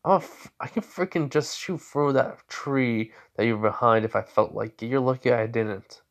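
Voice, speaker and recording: A man's voice: medium pitch, moderate pace, close to an everyday voice. A man voicing a cocky, blunt young male swordsman in a fan story, talking in an offhand, teasing way.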